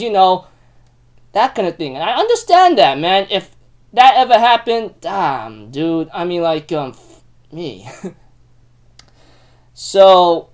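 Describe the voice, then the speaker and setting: Heated, rambling man recapping an anime. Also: fairly high pitch. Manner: rambling and heated, with frequent fillers and swearing. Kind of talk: casual episode recap.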